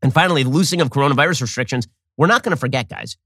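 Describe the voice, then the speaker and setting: A man's voice: mid-range voice, a bit bright, slightly rough, no room sound, studio quality. A man hosting a political commentary show, reading news excerpts aloud and answering them with combative sarcasm. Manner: sarcastic, combative, rapid-fire delivery.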